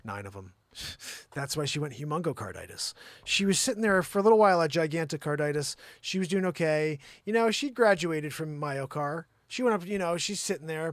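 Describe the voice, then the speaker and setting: A man's voice: on the high side, no room sound. A man hosting a comedic monologue, rambling and teasing as he jokes. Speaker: host.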